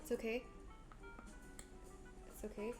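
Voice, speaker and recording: A woman's voice: slow pace, over music. A woman live-streaming her cooking in a home kitchen. She talks herself nervously through each step and reads viewer chat aloud.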